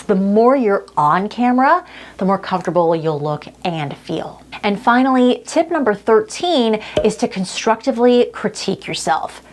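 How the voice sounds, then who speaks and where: A woman's voice: mid-range voice, slight background noise. A young adult woman coaching viewers on being comfortable on camera. She speaks in an upbeat, direct way and talks with her hands. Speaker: video coach. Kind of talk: on-camera tips presentation.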